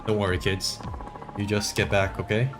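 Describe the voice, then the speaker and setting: An earnest young foreign swordsman speaks in a polite, formal way, as a man reads him. The voice sits low and plain. Game music runs underneath. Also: flat delivery, normal speed, natural voice. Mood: resolute. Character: earnest young foreign male samurai student.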